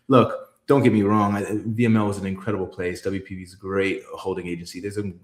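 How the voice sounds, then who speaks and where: A low-voiced man speaking in a candid interview, recorded in a room with noticeable echo. He tells stories emphatically, swears for effect and stumbles into restarts as he builds his point. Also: fairly even intonation, fast talker, hardly any pauses. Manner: emphatic, profane, storytelling with many restarts. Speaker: guest, creative executive.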